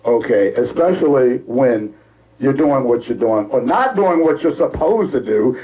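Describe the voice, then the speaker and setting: A male co-host from ranting in an animated, scolding, sarcastic way on a talk show. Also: mid-range voice, measured pace, poor audio. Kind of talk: opinionated talk-show rant.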